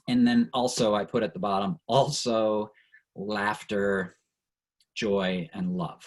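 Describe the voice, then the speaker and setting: A man's voice: lowish voice, fairly even intonation, slow pace, poor audio. A middle-aged man leading an online training session over a video call, earnest and reflective, and openly emotional at times.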